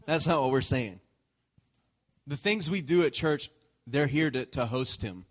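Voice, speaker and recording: Male pastor, relaxed sermon delivery, playful with the congregation. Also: medium pitch, a little slow, pauses often. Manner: joking, checks in with the congregation. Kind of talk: conversational sermon.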